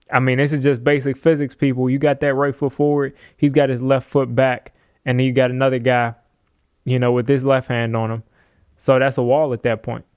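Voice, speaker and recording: Animated man breaking down football film. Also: mid-range voice, no room sound, studio quality. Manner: animated, playful trash-talk asides with chuckles. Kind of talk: casual film breakdown commentary.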